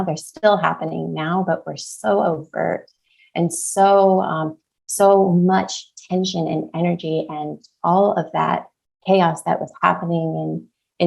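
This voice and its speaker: An American woman giving a research talk, her voice sitting low with a gravelly fry. She walks the group through a quoted dream and brings some lively emphasis to the quoted lines. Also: rough recording. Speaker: researcher presenting award talk. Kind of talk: lecture presentation with quoted dream.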